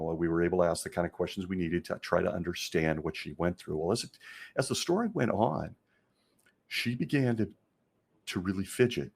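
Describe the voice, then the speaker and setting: This middle-aged man, once a church elder and now a show host, has a low, creaky voice with a breathy edge. He candidly shares a personal story in an earnest monologue, addressing his listeners directly as "folks."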